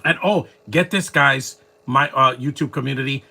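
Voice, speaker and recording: A man's voice: medium pitch, moderate pace, vocal fry, bright, forceful tone. A man giving casual, opinionated commentary while watching a film, rambling and restarting his sentences.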